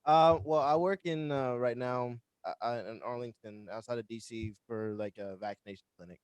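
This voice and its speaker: A man's voice: mid-range voice, steady tone, normal speed, a little mellow, smooth, no echo, highs cut off. A young man in a casual chat, telling rambling stories about his clinic job with many fillers and frequent laughter. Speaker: band member, vaccination clinic worker.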